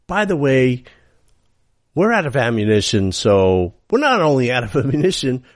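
A man's voice: medium pitch, no room sound, studio quality. A man hosting a talk radio show, delivering a heated, sarcastic monologue full of rhetorical questions.

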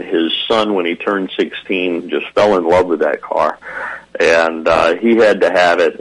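A man's voice: deep voice, low-quality recording. A man from the American South co-hosting a radio car show, talking in a rambling, folksy way and laughing easily. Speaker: co-host. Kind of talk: casual radio chat.

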